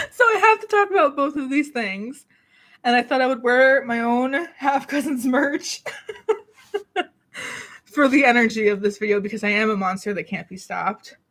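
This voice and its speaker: A woman vlogging from a small city apartment, talking in a loose, rambling, self-mocking way. Her voice sits a touch high, and she is a little out of breath with the odd cough. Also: measured pace, long pauses, fairly bright tone. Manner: rambling, self-deprecating, laughs often. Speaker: beauty YouTuber. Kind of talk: casual chatty vlog.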